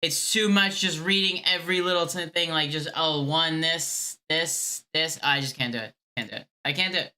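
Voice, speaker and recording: A woman's voice: sits low, moderate pace, few pauses, bright, forceful tone. A woman streamer chatting casually on a live stream, exasperated and repeating herself with laughs. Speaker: streamer calling scammers.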